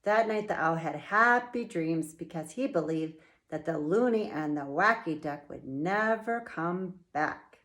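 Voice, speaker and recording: A middle-aged woman and children's author reading her picture book aloud, with slow, playful, expressive storytelling. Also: sits low.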